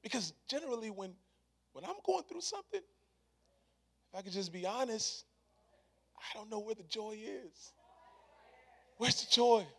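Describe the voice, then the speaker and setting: High-voiced preacher man, hushed to loud. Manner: repetitive rhetorical preaching, swings from hushed to loud; casual, conversational phrasing. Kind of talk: sermon.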